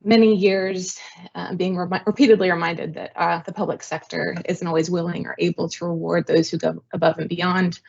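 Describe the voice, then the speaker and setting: A woman's voice: lowish voice, level tone, a little fast, creaky, darkish tone. A woman in her thirties, a guest on an interview show, telling her career story in a chatty, self-deprecating way with many ums. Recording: slightly dull lo-fi audio.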